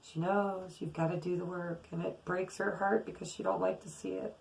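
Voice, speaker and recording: A woman's voice: on the low side, flat delivery, moderate pace, gravelly, darkish tone, slight background noise, poor audio. A middle-aged woman giving a casual, earnest tarot reading to her viewers, often repeating words for emphasis. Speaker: tarot reader.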